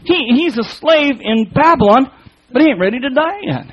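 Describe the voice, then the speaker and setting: A man preaching a sermon, explaining a Bible passage in an emphatic, folksy way with repeated words and quick restarts. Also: very high voice, expressive, slightly rough, muffled recording.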